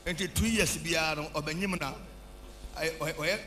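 A man leading worship as a prophet preaches in a shouting, sing-song style, switching from Twi to English and back while mixing in testimony from the congregation during a charismatic sermon. His voice is on the high side and he speaks a little slowly. The church hall recording is echoey, with a background hum.

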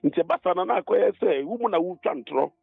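A man's voice: high-pitched, lively intonation, fast, vocal fry, breathy edge, dry recording, faint music behind. A man with a Ghanaian accent calling into a radio show, explaining spiritual matters in an emphatic, preaching way. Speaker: caller. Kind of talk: preaching-style explanation on the phone. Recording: dry tinny phone line.

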